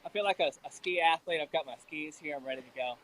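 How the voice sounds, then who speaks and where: A man's voice: on the high side, fast talker, fairly bright tone, a little hiss or hum, low-quality recording. A man from Alabama with a Southern accent, chatting through a live report from outdoors at a ski lift. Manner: chatty, self-deprecating. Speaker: field reporter.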